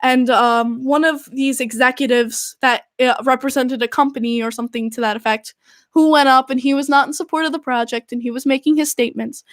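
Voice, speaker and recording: High-voiced young woman, dry close sound. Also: brisk, no echo. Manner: animated, exasperated storytelling full of "like". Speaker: podcast host. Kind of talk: casual recounting.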